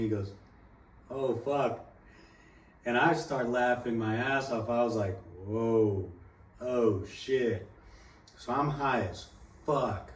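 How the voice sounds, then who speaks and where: A young man telling a story in casual talk, swearing freely and rambling. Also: mid-range voice. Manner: profane, rambling, animated quoting. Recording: echoey room, mic at a distance, faint background noise.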